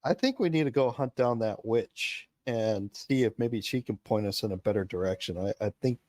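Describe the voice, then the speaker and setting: A man's voice: lowish voice, moderate pace, darkish tone, dry recording, clean studio sound. A man playing a tabletop role-playing game, thinking aloud in a playful way. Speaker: player. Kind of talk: in-character tabletop role-play.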